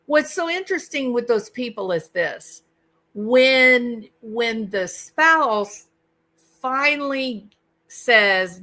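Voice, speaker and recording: A channel host gives a true-crime commentary monologue in a bright, forceful, expressive voice of medium pitch, taking her time. She repeatedly poses rhetorical questions to the listener and sometimes performs imagined dialogue in other voices.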